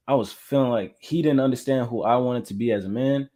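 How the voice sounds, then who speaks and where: Speaking in a dark-toned, mid-range voice, a Florida music artist tells his own story during an interview. He comes across as candid, reflective and measured.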